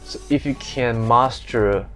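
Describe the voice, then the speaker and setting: A man's voice: mid-range voice, takes it slowly, a bit bright, faint music behind. A young Malaysian man explaining English pronunciation in a casual lesson, listing example words one by one and then repeating them.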